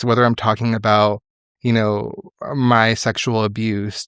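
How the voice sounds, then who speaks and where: A man's voice: lowish voice, no echo, studio quality. A young man hosting his own podcast, talking candidly and emotionally in casual solo chat, swearing freely. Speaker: podcast host.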